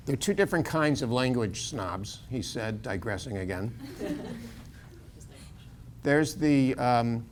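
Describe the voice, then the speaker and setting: A man's voice: medium pitch, expressive, takes it slowly, pauses often, slight background noise. An older American man lecturing as a university professor in a casual, digressive way, chuckling often and restarting his sentences. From United States.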